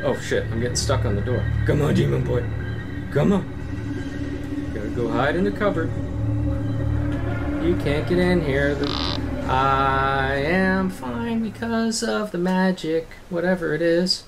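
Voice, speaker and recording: A gaming channel host doing let's-play commentary, swearing and yelling at the game in frustration. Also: medium pitch, vocal fry.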